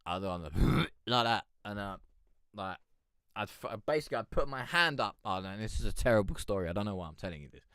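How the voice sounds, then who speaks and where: A man's voice: fairly low pitch, expressive, brisk, fairly bright tone, clear, resonant tone, no room sound, clean studio sound. A young man hosting a casual live stream, telling a rambling story full of swearing and fillers. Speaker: livestream host.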